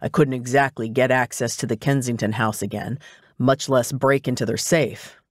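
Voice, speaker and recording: A wry male detective speaks in an audiobook, read by a man. His voice sits mid-range and sounds plain and unhurried. He delivers lines matter-of-factly, with a teasing edge, in a dead-dry studio sound. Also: medium pitch, steady tone, no room sound, natural voice. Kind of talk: audiobook dialogue.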